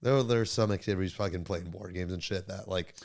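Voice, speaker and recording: A young man co-hosting a podcast in casual chat, a bit hoarse, laid-back, swearing often and laughing a lot. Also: low-pitched, brisk, darkish tone. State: hoarse from laryngitis. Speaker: podcast co-host.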